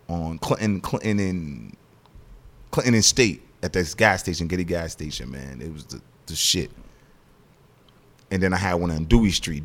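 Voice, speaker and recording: A man telling stories as a comedian guest on a podcast, slangy and laughing often, from Bridgeport, Connecticut. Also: sits low. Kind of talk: casual chat.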